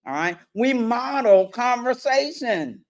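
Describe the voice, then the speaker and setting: Animated woman coach addressing parents. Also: fairly high pitch. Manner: animated, acts out parents and children in quick voices; addresses audience directly with frequent "all right". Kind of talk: workshop presentation to parents.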